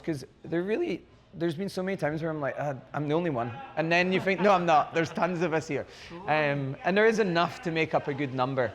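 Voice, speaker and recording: A Scottish man chats as a podcast guest, his voice slightly high. He tells stories with energy, acting out the voices of the people in them. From Crieff, Scotland. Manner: animated storyteller, acts out quoted dialogue. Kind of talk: casual conversation. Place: bar, live recording.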